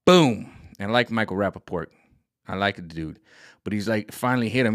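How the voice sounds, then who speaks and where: A man ranting casually to camera as a vlogger, animated and exasperated. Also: fairly low pitch, a little fast, no echo, clean studio sound. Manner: animated, exasperated, jumps into quoted voices. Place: home room set up for streaming.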